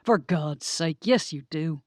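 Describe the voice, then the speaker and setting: A woman's voice: deep voice, lively intonation, a little slow, no room sound, studio quality. A woman voicing a blunt, exasperated man in an audiobook. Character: frustrated gruff man, blunt.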